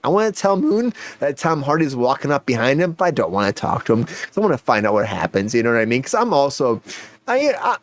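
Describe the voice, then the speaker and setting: A man hosting a casual podcast chat, an animated storyteller who swears freely. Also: mid-range voice, dry recording. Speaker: podcast host.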